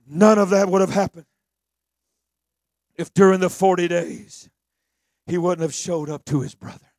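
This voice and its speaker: A man preaching with a very high, gravelly voice. He swings from fervent shouting to hushed storytelling, recorded dry and close. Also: measured pace, dry recording. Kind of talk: sermon.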